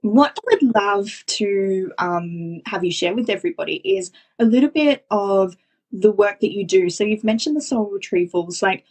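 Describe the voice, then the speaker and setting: A woman's voice: mid-range voice, moderate pace, darkish tone, husky, poor audio. A woman who is a business coach, speaking as a guest in an effusive, emotional way and swearing casually. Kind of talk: casual conversational interview.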